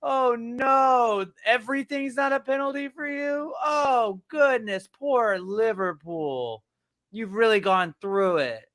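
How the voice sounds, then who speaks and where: A shrill, whiny mock fan who sneers and gloats in a high sing-song falsetto, as a man puts him on for a laugh. The taunting comes in drawn-out, sarcastic sighs, and it sounds up close and bright. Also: exaggerated voice. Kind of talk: casual chat.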